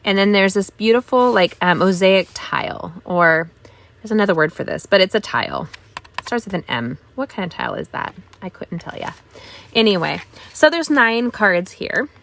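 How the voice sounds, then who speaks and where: A woman's voice: mid-range voice, big pitch swings, moderate pace, vocal fry, a bit bright, a little hiss or hum. A middle-aged woman hosting a live craft stream, chatting casually, greeting viewers and showing supplies with enthusiastic asides. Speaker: craft channel host.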